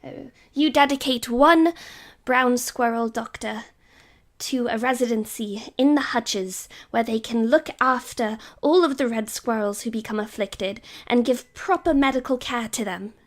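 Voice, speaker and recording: A woman's voice: a little high, unhurried, close to an everyday voice. A woman voicing an elderly female brown squirrel in a tabletop game, speaking earnestly and with determination.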